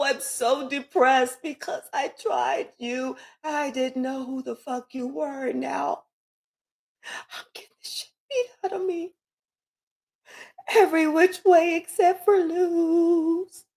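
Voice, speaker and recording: A woman's voice: high-pitched, steady tone, takes it slowly, creaky, few pauses, a little mellow, full character voice. A woman doing a sobbing, remorseful man. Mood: tearful pleading. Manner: tearful, pleading, gasping. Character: remorseful desperate man begging forgiveness.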